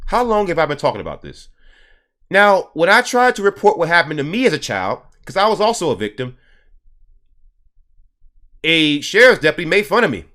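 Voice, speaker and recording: A man's voice: on the high side, sing-song, moderate pace, long pauses, pushed and bright. A man hosting a commentary video, talking emphatically and repeating words for stress. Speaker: host.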